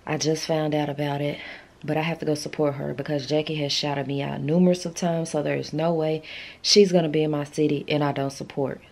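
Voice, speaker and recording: A woman vlogging casually, chatty and excitable, talking straight to her viewers while out at a mall. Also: deep voice, a little fast. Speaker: beauty vlogger. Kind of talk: casual vlog chat to camera. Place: out and about in a mall and car.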